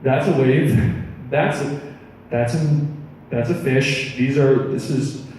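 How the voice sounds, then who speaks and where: A man voicing Peter, an eager, excitable male disciple, in a high, wide-eyed voice during a sermon. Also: takes it slowly, a little hiss or hum, lightly acted. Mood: panicked. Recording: echoey hall, mic far off.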